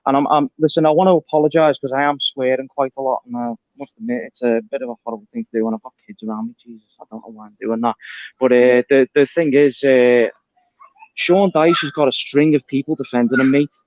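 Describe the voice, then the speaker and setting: A man's voice: medium pitch, fairly even intonation, quick pace, a little mellow, no echo, lo-fi sound. A man calling in to a fan show, ranting insistently and repeating his points. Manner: insistent, ranting, keeps saying mate. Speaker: caller. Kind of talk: heated phone-in rant.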